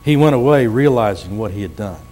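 Earnest male preacher, slow emphatic delivery. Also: fairly low pitch, lively intonation, warm tone. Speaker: pastor. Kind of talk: sermon.

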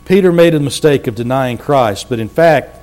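A man preaching a sermon as pastor, earnest and slowing down to stress words. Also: mid-range voice, lively intonation, a little mellow. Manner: earnest, slows down for emphasis.

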